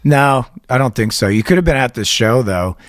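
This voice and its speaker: A man's voice: mid-range voice, animated, moderate pace, dry recording, studio quality. A man hosting a casual talk show, rambling through crude anecdotes, laughing at his own stories and mimicking voices. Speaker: podcast host. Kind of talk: casual storytelling chat.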